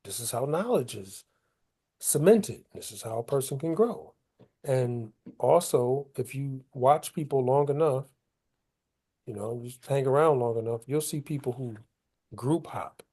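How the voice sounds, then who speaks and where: A man's voice: medium pitch, expressive, unhurried, mellow, breathy edge. A man leading a Bible study, explaining scripture in loose, colloquial everyday talk. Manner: colloquial, paraphrases scripture in casual street talk. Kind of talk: conversational Bible study teaching.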